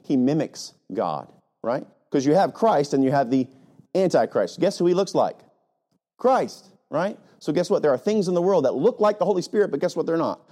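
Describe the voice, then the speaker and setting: A man's voice: fairly high pitch, very animated, moderate pace, warm tone. A male pastor preaching a sermon with emphatic rhetorical questions and frequent "right?" asides, sometimes mocking other preachers.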